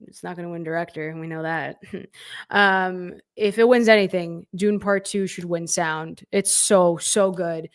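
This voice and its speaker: A young woman hosting a casual live reaction stream, opinionated and animated, reading out viewers' chat comments. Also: medium pitch. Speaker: livestream host reacting to award nominations.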